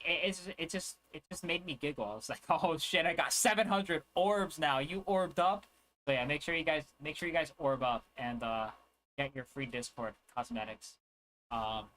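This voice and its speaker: A man's voice: mid-range voice, a bit bright, slight background noise, rough recording. A young man chatting casually on a livestream, rambling and joking with crude asides. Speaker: streamer.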